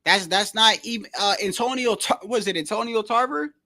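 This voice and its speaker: High-pitched guy on a livestream, slangy and rambly, dry close sound. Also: moderate pace, no room sound. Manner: slangy, rambling, keeps saying "bro"; animated storytelling, repeats himself. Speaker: livestream host. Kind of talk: casual livestream boxing chat.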